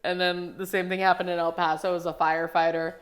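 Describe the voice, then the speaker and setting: A woman's voice: on the low side, level tone, fast. A woman, a comedian hosting a podcast, telling wry stories and quoting the people in them. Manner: storytelling, quotes people, wry. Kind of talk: casual podcast chat.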